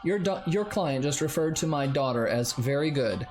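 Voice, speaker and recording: A man's voice: a little high, lively intonation, moderate pace, darkish tone, soft background music, voice pushed up, natural voice. A man voicing an overbearing, entitled stage mother complaining about her daughter's review. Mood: indignant. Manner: indignant, entitled.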